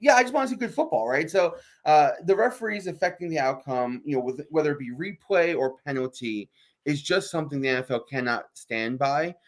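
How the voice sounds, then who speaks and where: A man co-hosting a sports radio show, talking in an animated, emphatic way with frequent restarts. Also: fairly high pitch, a little fast. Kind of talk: casual sports talk.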